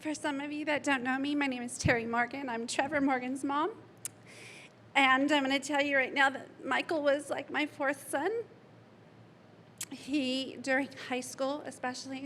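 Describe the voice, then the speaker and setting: A woman's voice: high-pitched, a bit bright, a little hiss or hum. A middle-aged woman giving a eulogy as a friend's mother, rambling through anecdotes and laughing through tears. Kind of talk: memorial speech. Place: memorial gathering hall.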